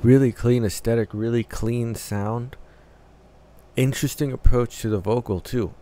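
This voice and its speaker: A man's voice: medium pitch, steady tone, measured pace, warm tone. A man hosting a music reaction, casually analyzing the vocals and arrangement as he listens, often restarting phrases as he thinks aloud.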